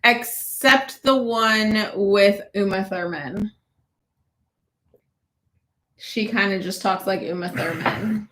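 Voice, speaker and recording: A woman's voice: mid-range voice, takes it slowly, long pauses, sharp tone, echoey room, a little hiss or hum. A woman co-hosting a casual livestream, teasing her partner.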